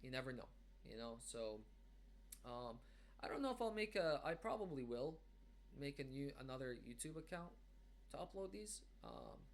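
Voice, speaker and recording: A man talks to his camera from home in a casual, meandering monologue. His pitch sits mid-range, and he trips over fillers and restarts as he thinks aloud. Self-conscious yet reflective, he settles into a gently reassuring tone. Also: big pitch swings, moderate pace. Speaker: vlogger. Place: at home indoors.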